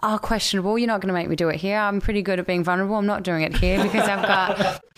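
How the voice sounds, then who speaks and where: A woman's voice: medium pitch, fast. A woman in her thirties with an Australian accent, talking candidly as a podcast guest in casual chat. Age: 30s. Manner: candid, animated storyteller.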